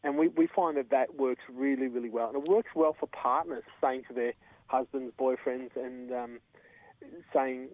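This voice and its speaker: A man's voice: mid-range voice, fairly even intonation, normal speed, darkish tone, dry recording. An Australian man, a charity co-founder, telling an earnest, emphatic story in an interview. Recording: tinny phone line.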